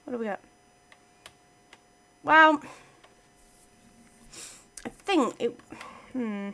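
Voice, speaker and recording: A woman's voice: on the high side, drawn-out words, sharp tone. A woman giving casual let's-play commentary, chatting playfully to her game units as she plays. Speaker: gaming channel host.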